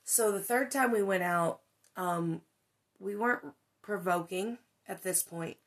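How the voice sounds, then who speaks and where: Speaking in a mid-range voice and a little slowly, this woman hosts a podcast and shares a ghost story conversationally. Her delivery is lively and thick with fillers, with some swearing slipping in when excitement builds.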